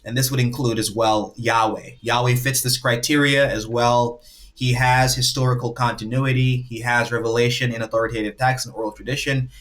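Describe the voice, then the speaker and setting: A man's voice: medium pitch, fairly even intonation, a little fast, a bit bright. A man hosting a livestream in a casual way, lecturing and laying out his points one by one. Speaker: livestream host.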